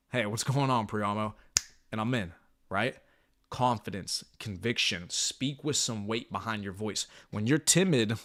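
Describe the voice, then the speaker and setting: A man's voice: mid-range voice, a bit bright. Brief: male sales trainer, intense and hyped, blunt and profane, coaching live.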